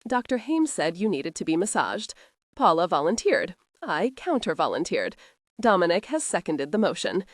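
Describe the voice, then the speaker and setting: A woman's voice: on the low side, no room sound, clean studio sound. A woman reading the part of a clever, poised former fashion model with a breezy, teasing manner.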